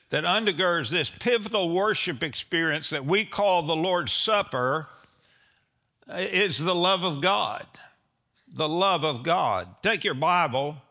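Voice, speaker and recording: A male pastor preaching a sermon. He speaks slowly and with emphasis, and repeats his key lines. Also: a little high, bright, forceful tone, long reverb tail. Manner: slow, emphatic preaching with deliberate repetition.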